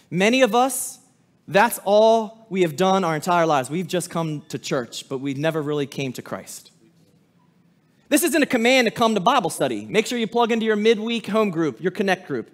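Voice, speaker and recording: A man with a high voice preaches a sermon as a pastor. He pleads and drives his points home loudly, then sinks to a hush for the solemn moments. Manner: impassioned preaching with sudden drops to a hush.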